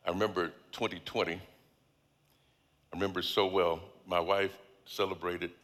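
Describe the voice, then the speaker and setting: Middle-aged male guest preacher, low voice, emphatic drawn-out phrasing, big reverberant sanctuary. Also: level tone, a bit bright. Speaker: guest speaker. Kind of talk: sermon. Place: large church hall. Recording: long hall reverb.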